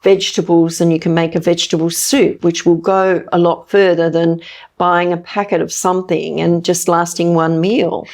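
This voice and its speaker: A woman's voice: on the low side, level tone, normal speed, a little mellow. A woman hosting a talk show interview, chatty and agreeable, building on her guest's points. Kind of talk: conversational interview.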